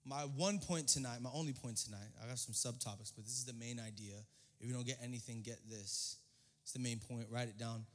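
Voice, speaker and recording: A man's voice: medium pitch, brisk. Young male pastor preaching in a reverberant hall. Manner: energetic, swings from hushed to shouting; casual slang, repeats phrases. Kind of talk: sermon. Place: church hall.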